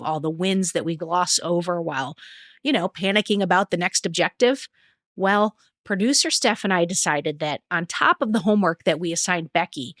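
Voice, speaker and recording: Low-voiced woman hosting a podcast. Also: no echo, studio quality. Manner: chatty, playful asides. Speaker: podcast host. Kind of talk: scripted podcast narration.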